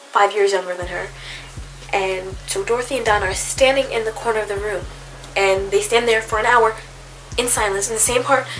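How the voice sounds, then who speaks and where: A woman's voice: medium pitch, fairly bright tone, slight background noise, rough recording. A young woman vlogger telling a story casually and animatedly, full of swearing, in a dim room on a camera mic.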